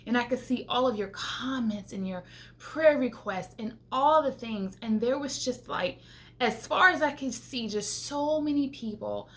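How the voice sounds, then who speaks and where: A woman's voice: on the high side, a little slow. A woman vlogger who makes homemaking videos, talking casually to her viewers as she tells a faith-filled story, acting out what she and others said and laughing often. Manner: animated, quoting herself and others, laughing often.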